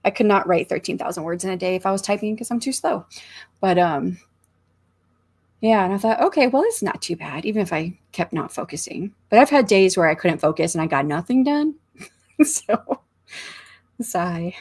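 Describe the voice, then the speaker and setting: A woman's voice: medium pitch, lively intonation, a little fast, a little mellow. A middle-aged American woman hosting a casual writing livestream from a room at home, chatting in a rambling, think-aloud way and reading viewer comments aloud. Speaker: author livestream host.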